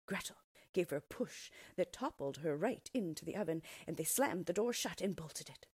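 Breathy woman reading a fairy tale. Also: lowish voice, animated, normal speed, a little mellow, no room sound. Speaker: storyteller. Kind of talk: fairy tale read aloud.

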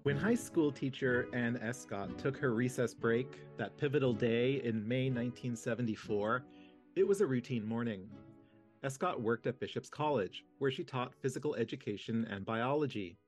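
A man reading nonfiction history aloud in a measured, steady narration. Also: mid-range voice, faint music behind. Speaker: reader of a history book. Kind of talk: audiobook-style reading.

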